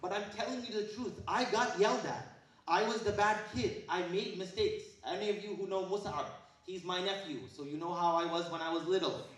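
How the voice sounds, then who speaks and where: A man giving a lively, joking talk to students at a school, moving between loud and hushed. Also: high-pitched, fairly quick. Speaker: guest speaker at a school. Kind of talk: animated motivational talk to students. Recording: echoey hall, voice from far off.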